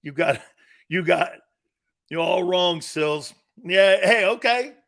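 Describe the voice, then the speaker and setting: A man hosting a sports talk show, ranting loosely and acting out his own stories with brash, animated energy. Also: sits high, slow. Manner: brash, animated storyteller, acts out dialogue. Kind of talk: loose sports radio rant.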